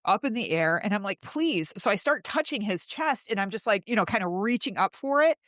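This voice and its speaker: A woman hosts a podcast in a mid-range, slightly bright voice with lively intonation and a fairly quick pace, recorded in a clean studio with no echo. She tells her own story candidly and emotionally, swearing along the way and raising her voice as she acts out her past pleas.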